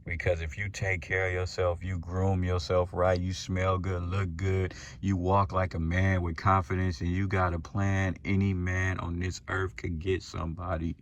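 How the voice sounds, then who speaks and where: A man's voice: deep voice, flat delivery, normal speed, hardly any pauses, slight background noise. A man hosting a podcast, talking to the guys in a loose, slangy, profane monologue and chuckling as he goes. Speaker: podcast host. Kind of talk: casual confident monologue to the guys.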